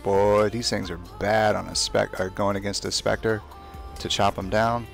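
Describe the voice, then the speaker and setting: A man's voice: lowish voice, flat delivery, unhurried, creaky, soft background music. A young man chatting casually as he streams a game, talking to himself and trash-talking opponents. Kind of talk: casual live gameplay commentary.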